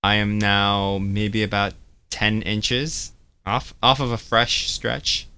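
A man's voice: lowish voice, little pitch movement, slow pace, bright, forceful tone, clear, resonant tone. A young man chatting casually on a podcast, laughing often and drawing words out when he demonstrates them. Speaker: podcast co-host. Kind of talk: casual chat.

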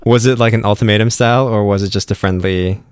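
Smooth low-voiced American man. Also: fairly even intonation, fast talker, dry recording, studio quality. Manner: jokey, laughs often. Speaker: podcast co-host and designer. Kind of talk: casual chat.

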